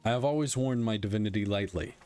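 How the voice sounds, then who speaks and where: A man reading aloud the lines of a weary male god-king who speaks dryly and candidly, in a plain, measured voice. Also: fairly low pitch, a little mellow, natural voice. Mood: solemn.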